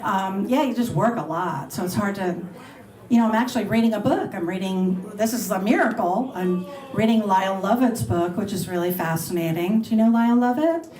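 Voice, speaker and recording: A woman's voice: mid-range voice, a little fast, darkish tone. Middle-aged woman, radio host, bubbly chatty talk, roomy echoing restaurant. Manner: chatty, laughing, bubbly asides. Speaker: radio host speaking at a luncheon. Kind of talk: casual talk and Q&A with an audience. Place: restaurant dining room. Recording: roomy live event recording.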